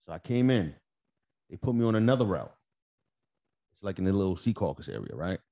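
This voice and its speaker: A man's voice: deep voice, brisk, vocal fry, dull audio. Profane New man telling stories. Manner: profane, animated, acts out dialogue. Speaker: podcast co-host. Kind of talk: casual storytelling chat.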